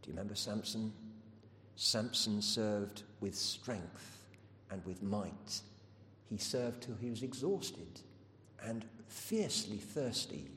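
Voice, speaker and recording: A man's voice: expressive, slow, a bit bright. A man preaching a sermon, telling stories and asking earnest rhetorical questions. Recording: echoey hall with faint rumble.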